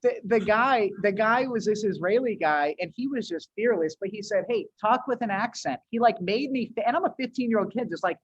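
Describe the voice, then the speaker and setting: A podcast guest who owns an agency and hails from New England chats in a high, lively, breathy voice, brisk with few pauses, throwing around "dude" and slang and restarting sentences. The lo-fi audio is dull and dry.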